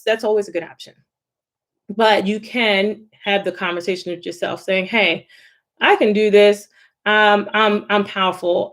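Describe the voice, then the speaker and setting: A woman speaking casually and encouragingly about stress management, with lots of conversational fillers. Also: mid-range voice. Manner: encouraging, conversational, many "you know" fillers. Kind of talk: informal self-help talk.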